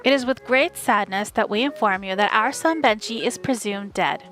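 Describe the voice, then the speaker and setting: A woman's voice: medium pitch, moderate pace, a bit bright, close to an everyday voice, low-quality recording. A woman reading aloud plays a spoiled, pushy rich girl who drags out her words in a slightly lifted, lazy drawl. The audiobook voice stays mid-range and self-absorbed, with faint music somewhere underneath.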